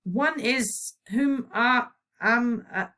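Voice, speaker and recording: A woman reading aloud and voicing an eager, clumsy young boy who talks quickly and informally. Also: a little high, sharp tone, far from the mic, voice pushed up, exaggerated voice.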